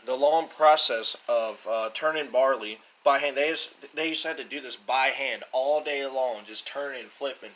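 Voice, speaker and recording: A man's voice: medium pitch, fairly bright tone, a little hiss or hum, low-quality recording. A young man casually rambling as host of a whiskey-tasting talk, fumbling names and joking at himself. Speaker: show host.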